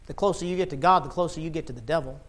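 A man preaching a sermon with passion, rising to loud shouts and dropping to quiet, low lines. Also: very fast. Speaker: pastor.

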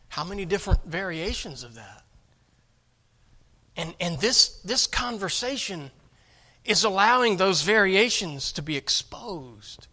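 A male pastor delivers a sermon in a high, bright, forceful voice, speaking slowly with long pauses and big swings in pitch. Emphatic, he trips into repeated words while hammering each point, alternating loud stresses with quieter asides.

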